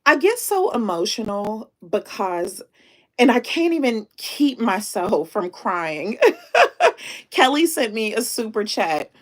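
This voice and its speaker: A woman chats unhurriedly on a live stream at a mid-range pitch. Her talk is emotional and near tears. She rambles and repeats herself, and keeps sprinkling in French greetings for her viewers. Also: very animated, unhurried. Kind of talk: casual live-stream chat.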